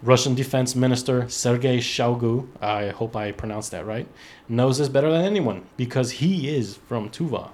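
A man hosting a relaxed podcast, working his way through a news article. He reads in a loose, chatty way, tripping over words and breaking off for profane asides to his friends. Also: medium pitch, moderate pace. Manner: loose, laughing, profane, restarts while reading. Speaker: podcast host. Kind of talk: casual podcast chat, reading an article.

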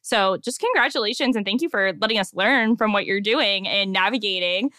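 A woman's voice: medium pitch, a little fast, dry recording, clean studio sound. A woman hosting a podcast, chatting casually and affirming her guest with lots of filler words. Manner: warm, affirming, chatty with many "like"s. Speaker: podcast host. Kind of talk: casual interview chat.

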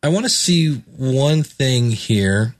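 A man's voice: medium pitch, expressive, takes it slowly. A man hosting a podcast in casual chat, rambling with many restarts and chuckles. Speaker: podcast host reviewing podcasts.

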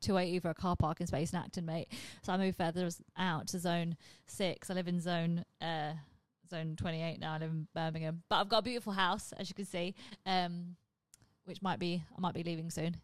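A woman's voice: on the low side, fairly even intonation, moderate pace, no echo. A woman comedian talking to camera from her home, chatty and blunt and swearing freely. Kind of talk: casual monologue to camera.

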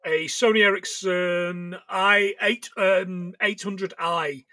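A man co-hosting a podcast in a high, bright voice. He recaps a film with a lot of swearing and jokey asides. The sound is close and dry. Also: fairly even intonation, slow pace, no echo. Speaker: podcast co-host. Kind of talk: casual film recap chat.

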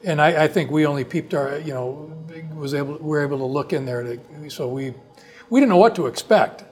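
A man, a company co-founder, tells a long business story in a relaxed conversation, often restarting his sentences. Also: on the high side, brisk. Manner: long rambling anecdotes with frequent restarts.

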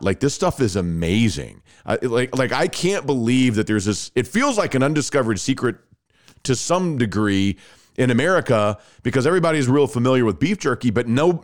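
Lively laid-back man hosting a podcast. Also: mid-range voice. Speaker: podcast host. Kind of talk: casual interview with ad read.

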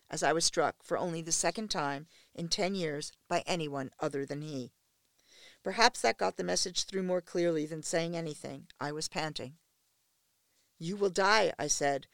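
A woman narrating a first-person erotic story in an intimate, steady reading voice. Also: low-pitched, vocal fry, no echo. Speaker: audiobook narrator.

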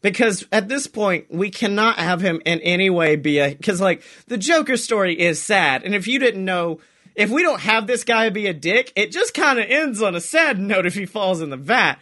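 A young man with a high, bright, ringing voice riffs through a comedic podcast chat. He rambles and swears freely, dropping into little acted-out voices as he spins out a silly story. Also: expressive, moderate pace. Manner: rambling, swears a lot, acts out voices in quotes. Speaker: podcast co-host.

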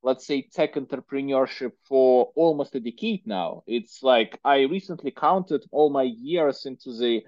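A man's voice: mid-range voice, unhurried, few pauses, darkish tone, no echo. Russian-accented man, chatty, lo-fi. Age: 30s. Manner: chatty, many fillers like "like" and "you know". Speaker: guest entrepreneur. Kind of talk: casual interview conversation.

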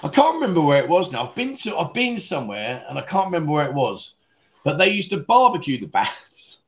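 A man's voice: on the high side, sing-song, brisk. A man hosting a casual livestream and reading out viewer comments, rambling, laughing often and calling viewers mate. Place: Pattaya, Thailand.

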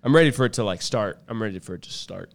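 A man with a smooth, resonant voice tells a story in a relaxed chat. He gets animated and acts out the lines he says in the story. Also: fairly low pitch, fast. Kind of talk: casual chat.

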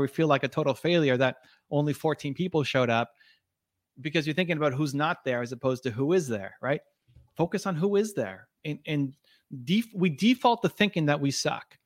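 A man's voice: on the high side, dry recording, clean studio sound. A man speaking as a podcast guest in an earnest, motivational way, with frequent restarts and fillers. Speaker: podcast guest, video creator. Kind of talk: conversational interview.

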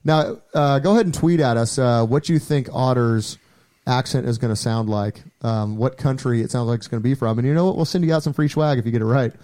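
A man's voice: mid-range voice, a little fast, mellow. A man co-hosting a podcast, chatting casually and teasing his co-host with frequent laughs. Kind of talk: casual chat.

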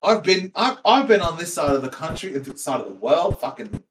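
A man's voice: on the high side, very animated, brisk, slight background noise, low-quality recording. A man voicing a flippant young male parakeet who mocks his estranged father. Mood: mocking. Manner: flippant, laughing, swearing.

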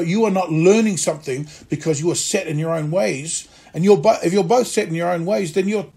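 A male actor and acting teacher telling stories from his career in a lively way, acting out the voices of people he quotes. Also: high voice, gravelly, slightly rough. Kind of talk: conversational storytelling interview.

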